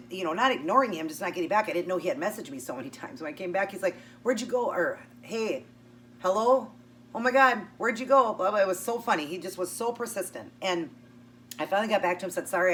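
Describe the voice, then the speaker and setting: A woman's voice: lowish voice, racing. A woman vlogger chattily telling a personal story while eating, acting out both sides of the conversation. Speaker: keto vlogger. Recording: distant mic with faint hum.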